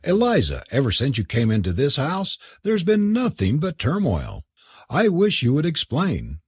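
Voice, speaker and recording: A man reading a novel aloud and voicing a prim, impatient young woman, with a husky voice. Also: fairly high pitch, huge pitch swings, normal speed, no echo, studio quality, pitched above the performer's own voice, heavily acted. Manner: indignant, prim exclamations. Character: young well-bred woman, sharp and impatient. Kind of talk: audiobook character voice.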